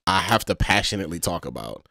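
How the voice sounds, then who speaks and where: A man co-hosting a casual podcast, ranting in an animated way with plenty of profanity and laughter. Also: low voice, fast, creaky, no echo, clean studio sound. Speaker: podcast co-host.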